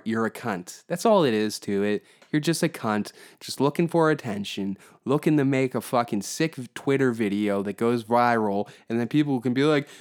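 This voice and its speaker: A hungover man hosting a solo podcast, ranting heatedly and swearing constantly. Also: mid-range voice. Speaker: podcast host.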